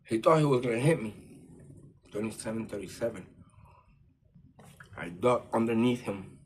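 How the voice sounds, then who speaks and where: Low-voiced man telling a street story. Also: expressive, moderate pace, slight background noise. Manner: profane street slang, lots of fillers. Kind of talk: casual storytelling.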